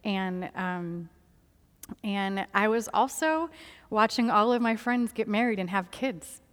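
A woman's voice: mid-range voice, slow, fairly bright tone, big-room sound. A woman telling a personal testimony in a candid, conversational way, with laughs and many fillers. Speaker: speaker sharing testimony.

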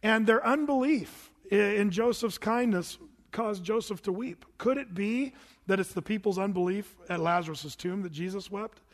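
A man with a notably high voice preaches a sermon, keeping it conversational. He quizzes his listeners and slips in dry humor, and a long reverb trails behind every phrase. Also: normal speed. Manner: conversational preaching with questions to the congregation and wry asides. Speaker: pastor.

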